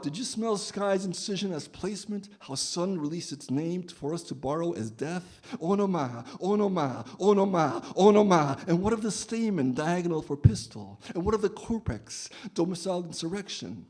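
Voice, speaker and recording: A man's voice: high voice, darkish tone. A man performing his own poem with a chanting, repetitive cadence, then talking about poetry. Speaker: poet. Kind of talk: poetry reading and discussion.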